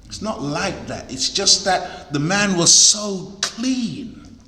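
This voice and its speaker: Bright exhorting male preacher in a hall. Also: high voice, lively intonation, takes it slowly. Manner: emphatic, exhorting, repeats key words. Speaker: preacher, lecturer. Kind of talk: sermon to a congregation. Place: large echoey hall. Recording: echoey hall with long reverb.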